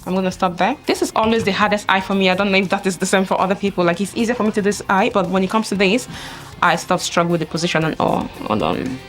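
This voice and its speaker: A woman's voice: medium pitch, fairly even intonation, quick pace, soft background music. A woman vlogger talking through a mascara tutorial step by step, chatty and exclaiming often. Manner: chatty, narrates each step with frequent exclamations. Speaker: makeup vlogger. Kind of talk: casual makeup tutorial.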